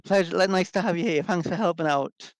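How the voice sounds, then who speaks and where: A man's voice: sits high, brisk, dry recording. A man voicing an eerie female hag who plays the overly polite hostess. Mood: sweetly polite. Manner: sweet and courteous.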